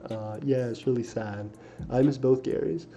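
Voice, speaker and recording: Casting a young man to host a casual stream: keep it dark and mellow, ramble a little, stop and correct yourself, and read the chat comments off the screen. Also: medium pitch, normal speed. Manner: rambling, many fillers and self-corrections. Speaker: livestream host. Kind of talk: casual livestream chat, reading viewer comments aloud. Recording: dull lo-fi stream audio with faint hiss.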